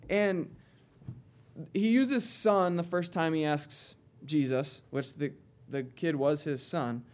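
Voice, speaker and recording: A man preaching a sermon in a conversational way, moving between quiet asides and emphatic readings. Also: a little high, takes it slowly.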